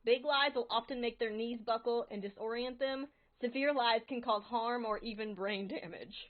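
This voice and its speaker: A woman's voice: on the high side, moderate pace. A woman playing a tabletop game, chatty and giggling between lines. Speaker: player. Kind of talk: casual tabletop play. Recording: tinny call audio.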